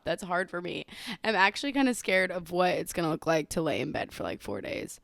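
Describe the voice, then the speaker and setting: A young Southern-accented woman hosts her podcast, chatting loosely and laughing at herself, a little slowed by a covid bout. Her voice sits on the low side and the recording is close and dry, with no room sound. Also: big pitch swings, gravelly, no echo. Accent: Southern American. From Southern United States. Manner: giggly, playful, self-mocking. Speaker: podcast host. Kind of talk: casual chatty monologue.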